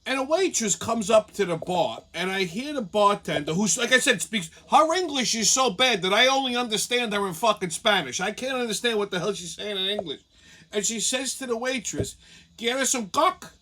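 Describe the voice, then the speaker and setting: A man's voice: high-pitched, lively intonation, a little fast, bright, forceful tone. A man hosting a show, telling a rambling comic story full of profanity. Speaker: show host.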